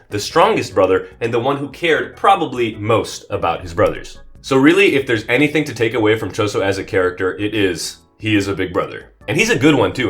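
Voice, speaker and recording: A man hosting a scripted comedic commentary video, playful and jokey, swinging between excited bursts and deadpan asides. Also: on the low side. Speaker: anime commentary video host.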